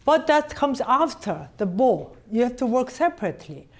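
A woman teaching a cello master class, coaching a student directly in halting phrasing and singing passages on syllables to show them. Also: on the high side, sing-song, darkish tone. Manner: sings phrases on syllables to demonstrate.

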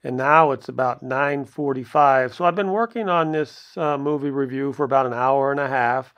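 A man's voice: mid-range voice, normal speed, lo-fi sound. A man giving a casual, rambling movie review from home, chuckling often and wandering into asides. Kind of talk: casual video review commentary.

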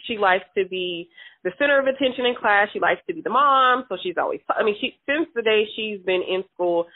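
A woman's voice: medium pitch, lively intonation, fairly quick, dry recording. Chatty mother on a tinny phone line. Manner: loose and chatty, full of fillers and restarts. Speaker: interviewed mother. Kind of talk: casual chat.

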